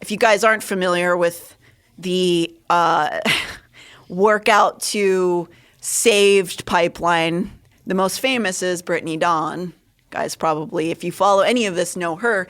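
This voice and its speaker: Woman cohosting a chatty livestream, gets animated and jumps up high on the jokes. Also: unhurried, clean tone. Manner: animated, pitch jumps on punchlines. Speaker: podcast co-host. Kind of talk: casual livestream chat.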